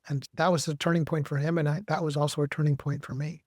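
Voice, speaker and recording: A man, an actor and director, telling stories in a measured, reflective way as a podcast guest. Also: fairly high pitch, level tone, darkish tone, no room sound, studio quality. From United States. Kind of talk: podcast interview.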